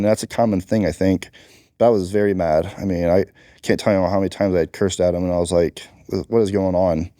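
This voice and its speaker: Man, combat veteran guest, blunt candid talk, deep voice, dry close sound. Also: mellow, dry recording. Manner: blunt, emphatic storytelling.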